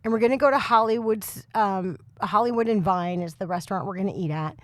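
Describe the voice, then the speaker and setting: A woman in her thirties or forties with a very loud voice, co-hosting a podcast and telling a comic story with lots of laughs and exasperation. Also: medium pitch, brisk, no echo, clean studio sound. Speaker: podcast co-host. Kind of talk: casual chat, comic storytelling.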